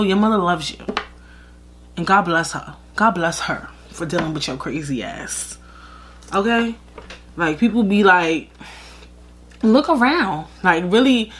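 Blunt, profane woman podcaster. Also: medium pitch. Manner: blunt, profane, animated with rhetorical asides. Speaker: podcast host. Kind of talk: casual advice monologue.

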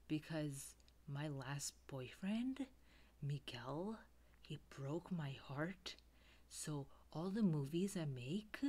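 Woman playing a bitter heartbroken girl, low voice, menacing whispers, comedy sketch. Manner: seething, hushed, menacing whispers.

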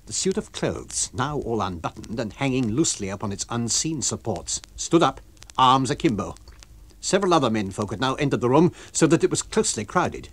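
A man reading a novel aloud for radio, with an expressive, varied storytelling delivery. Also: mid-range voice, brisk, slightly rough. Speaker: reader.

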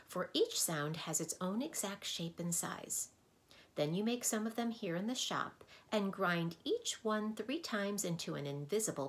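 A woman's voice: mid-range voice, lightly acted. Fussy, bossy sound keeper, a woman reading. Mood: proudly explaining. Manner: prim, bossy. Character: fussy stubborn woman who keeps sounds. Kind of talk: storybook read-aloud.

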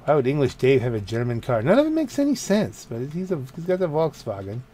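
This man's mid-range voice has a dark tone, huge pitch swings, and a fast pace. Hosting a casual let's-play on his gaming channel, he tours his in-game car garage, chatting and rambling and frequently correcting himself.

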